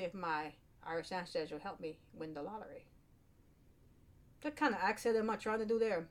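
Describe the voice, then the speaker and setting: A woman vlogs to camera in a loose, wandering monologue, her voice sitting a little low for a woman. She's chatty and pokes fun at herself, often dropping a sentence halfway and starting it over. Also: brisk. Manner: chatty, self-deprecating, trailing off and restarting. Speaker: vlogger. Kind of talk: casual rambling monologue to camera.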